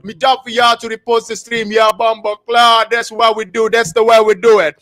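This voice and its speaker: Man, live-stream host, excitable slangy chat, repetitive, very high bright voice. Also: a little fast, faint music behind. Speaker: livestream host.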